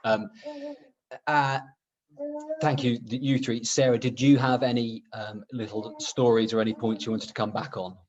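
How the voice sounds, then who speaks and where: A panel moderator handing over to the next speaker, talking haltingly with many fillers over a video call. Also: mid-range voice, little pitch movement, darkish tone, muffled recording.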